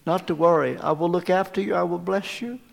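A man preaching who briefly voices a forgiving older biblical ruler, in a gentle, reassuring manner. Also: high voice, fairly even intonation, brisk, creaky.

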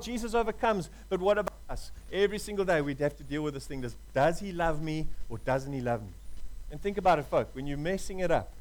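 Guy preaching a sermon, high voice, gets hushed then loud, keeps saying folk. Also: rough recording. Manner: passionate, swings from hushed to loud; addresses listeners as "folk".

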